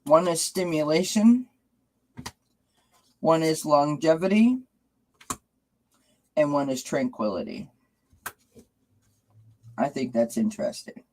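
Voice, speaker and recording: Woman host, tarot live stream, raspy-edged voice, rambling casual chat. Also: low voice, big pitch swings, slow, pauses often, a little mellow, rough recording. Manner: rambling, with loose restarts.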